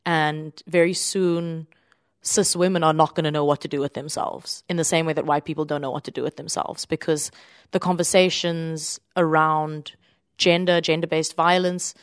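A stage actress speaks in a deep, low voice. She answers earnestly, pausing on fillers as she thinks. The sound is dry and close. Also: fairly even intonation, smooth, dry recording. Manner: earnest, thoughtful, many fillers. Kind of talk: interview answer.

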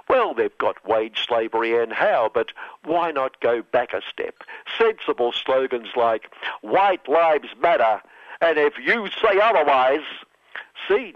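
A man's voice: mid-range voice, no room sound, highs cut off. A man delivering sardonic satirical commentary on radio, full of mocking nicknames.

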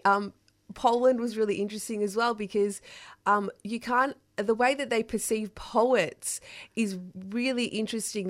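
Woman poet, radio guest; halting, filler-heavy delivery, dry close mic. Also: medium pitch, dry recording. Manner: hesitant, many fillers and restarts. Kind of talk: conversational radio interview. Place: radio studio. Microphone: studio microphone.

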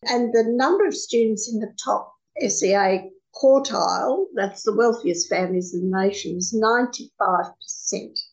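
A woman's voice: medium pitch, darkish tone, poor audio. A woman hosting a community radio talk program, chatty and loose with fillers. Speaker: radio host.

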